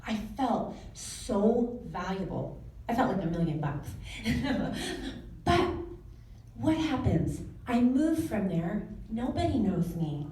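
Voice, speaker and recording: A woman in her forties giving a personal talk to an audience, telling stories in a lively way and laughing often. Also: mid-range voice, slow pace. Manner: animated storytelling with laughs. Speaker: speaker. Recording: echoey room, mic from a distance.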